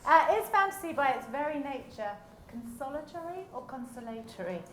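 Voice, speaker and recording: A woman chairing a festival panel discussion, chatty and quick, laughing often. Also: sits high, animated, a bit bright, a little hiss or hum. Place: festival stage. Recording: echoey hall, faint ambience.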